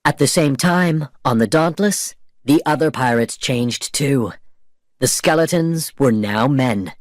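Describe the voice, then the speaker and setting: Slow expressive storybook narrator, male. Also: mid-range voice, no echo, studio quality. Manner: slow, clear, expressive reading. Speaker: reader of a graded story.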